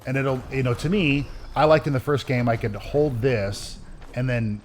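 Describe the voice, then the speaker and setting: A man in the middle of a casual let's play, rambling through his thoughts with plenty of false starts, his voice at an ordinary pitch. A faint hiss of background noise sits behind him. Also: moderate pace. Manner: rambling, many restarts, animated retellings. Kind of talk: casual gameplay commentary.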